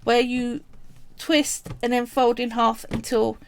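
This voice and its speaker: Woman, slightly high voice, chatty live craft teacher walking through steps. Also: steady tone, slow, slight background noise. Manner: chatty, step-by-step instructing. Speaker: craft livestream host. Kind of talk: live craft tutorial with chat.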